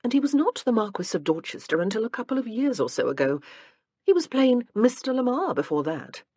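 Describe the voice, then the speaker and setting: A woman's voice: a little high, big pitch swings, a little fast, darkish tone, husky, no room sound, clean studio sound, pitched above the performer's own voice. A woman voicing a frank, opinionated older mother in an audiobook.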